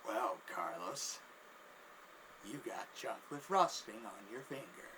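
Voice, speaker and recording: Guy doing a low hushed sly street magician, scruffy older dude. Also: expressive, slow pace, background noise.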